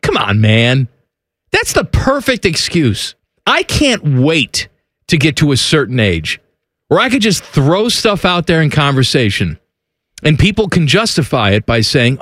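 A man's voice: on the high side, unhurried, no echo. A middle-aged man co-hosting a radio show, joking and telling stories in casual banter. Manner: joking, animated storyteller. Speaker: radio co-host. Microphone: studio microphone with headphones.

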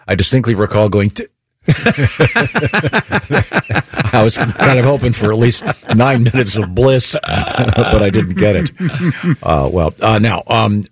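Low-voiced male talk show host. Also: a little slow, long pauses, husky. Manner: rambling, laughs often. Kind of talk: casual talk show chat.

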